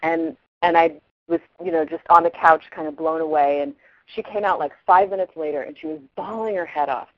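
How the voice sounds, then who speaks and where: A middle-aged woman explains parenting ideas in a relaxed, chatty way and acts out little scenes with her kids. The sound is dry and dull, like an old radio broadcast. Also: deep voice, brisk, no room sound. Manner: animated storyteller acting out quotes. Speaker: parenting expert guest. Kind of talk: casual advice talk.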